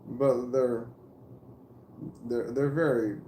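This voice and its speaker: A man talking casually to camera in a rambling, halting way, with restarts and swearing. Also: medium pitch, fairly even intonation, warm tone, a little hiss or hum. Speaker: vlogger. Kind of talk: casual spoken monologue to camera. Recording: roomy echo.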